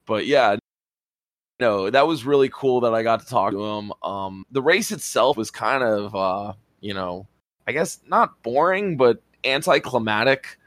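A man telling a rambling, excitable story as a podcast co-host, swearing casually. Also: medium pitch, a little slow, no room sound. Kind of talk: casual chat.

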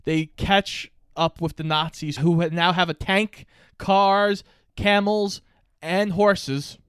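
A man co-hosting a podcast, casually recapping a movie's plot and tossing in quick quoted lines. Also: high voice, fairly even intonation, fairly bright tone, clear, resonant tone, dry recording, clean studio sound. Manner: recaps plot, quoting lines in offhand voices. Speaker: podcast co-host.

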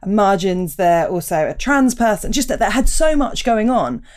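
Woman host, mid-pitched voice, thoughtful conversational interviewer. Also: big pitch swings, moderate pace, a little mellow. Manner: reflective, riffs with repeated phrases.

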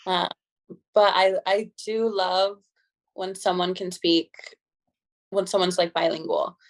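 Slow-talking woman, casual chat. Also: fairly low pitch, little pitch movement. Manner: slow, laughing, agreeable.

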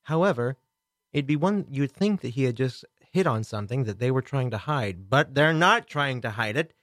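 Sarcastic commentator with lively delivery. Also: mid-range voice, normal speed, no echo, clean studio sound. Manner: sarcastic, mocking asides. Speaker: commentary host. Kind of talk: sarcastic commentary over clips.

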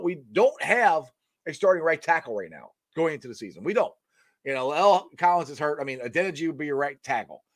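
A man hosting a casual sports talk show, excitable, laughing often and tripping over his words. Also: a little high. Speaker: sports podcast host.

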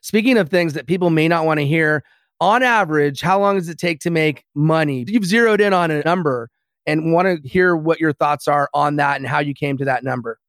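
A man's voice: a little high, brisk, a bit bright, dry recording, clean studio sound. A man hosting a podcast interview, enthusiastic and turning to address his listeners directly. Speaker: podcast host.

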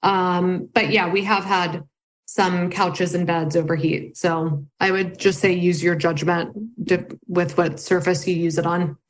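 A woman's voice: lowish voice, a little slow. Easygoing woman company founder. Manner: relaxed, easygoing, with frequent "um" and "like". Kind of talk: casual interview conversation.

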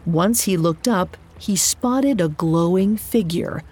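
A woman narrating a folk tale in a measured, even scripted reading. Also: on the low side, husky. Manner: measured, even storytelling delivery. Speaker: storyteller.

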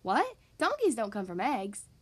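A woman's voice: a little high, huge pitch swings, breathy edge, heavily acted. A woman voicing a busy male hare who is always off to run a race, in a children's storybook reading. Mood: brisk. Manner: brisk, hurried.

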